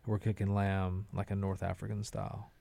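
A man's voice: low-pitched, level tone, moderate pace, vocal fry, dark tone. A man, a chef and restaurant owner, chatting casually as a guest in rambling, laid-back stories. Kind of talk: casual conversation.

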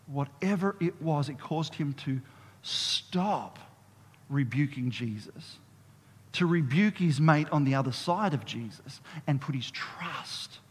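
A man preaching a sermon as a pastor, in a lively, conversational way, drawing the congregation into call-and-response. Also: on the high side, breathy edge. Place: church hall. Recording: long reverb of a church hall.

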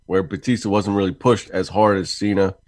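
Low-pitched man, laid-back co-host, talks things through at length. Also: steady tone, a little fast, a little mellow, no echo. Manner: easygoing, explains points at length. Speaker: podcast co-host. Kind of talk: casual chat.

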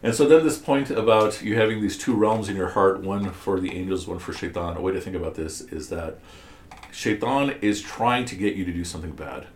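Speaking a little fast, a man with a low-pitched voice teaches scripture to a class in a reverberant space with slight background noise. His style is explanatory and full of restarts, and he keeps asking the students questions.

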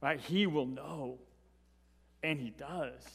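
A male preacher gives a Bible lesson in a relaxed, conversational tone, punctuating his points with rhetorical questions. His voice sits slightly high. Long reverb from a large hall trails behind his words. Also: slow, breathy edge. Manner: conversational, tags points with "right?". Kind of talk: sermon, Bible teaching.

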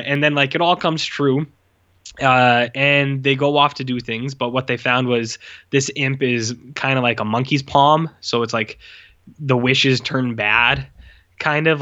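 Casual male podcast host, rambling and laid-back, bright edge, lo-fi recording. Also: mid-range voice. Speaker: podcast host reviewing movies. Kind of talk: casual chat.

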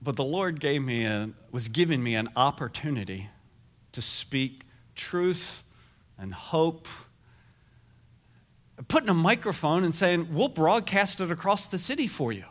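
A middle-aged man preaching a sermon as pastor, telling stories in an animated, self-deprecating way. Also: a little high, measured pace.

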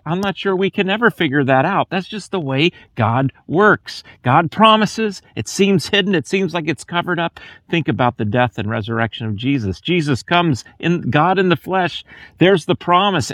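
A man's voice: fairly high pitch, a bit bright, no echo. Earnest male pastor, dry close sound. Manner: earnest, conversational preaching with rising emphasis. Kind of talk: sermon.

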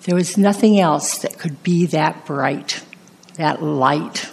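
A woman pastor preaching a sermon, telling a personal testimony in a slow, earnest way. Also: low-pitched, vocal fry.

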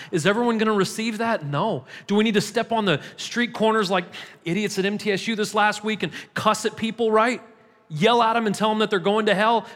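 A man's voice: high-pitched, a bit bright. A man pastor preaching a sermon in a church, emphatic and repetitive, building in intensity. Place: church sanctuary. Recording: long hall reverb.

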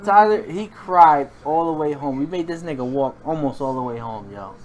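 A man hosting a casual podcast with friends. He laughs loudly and swears often. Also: a little high, normal speed. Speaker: podcast host. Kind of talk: casual chat among friends.

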